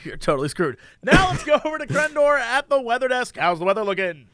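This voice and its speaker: Man, podcast host, very high and bright voice, wry teasing banter, dry close sound. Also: sing-song, fast, no room sound. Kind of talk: casual comedy podcast banter.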